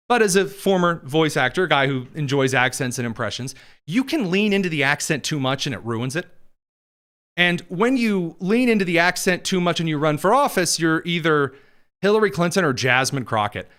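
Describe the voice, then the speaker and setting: A man's voice: a little high, sharp tone, clear, resonant tone. A man hosting a political commentary show, talking in a sarcastic, mocking way with exaggerated emphasis.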